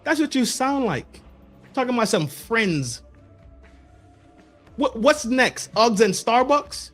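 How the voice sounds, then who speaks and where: A man hosting a podcast, delivering a mocking commentary rant with rapid-fire repeated words. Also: very high-pitched, very animated, a bit bright, faint music behind. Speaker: podcast host.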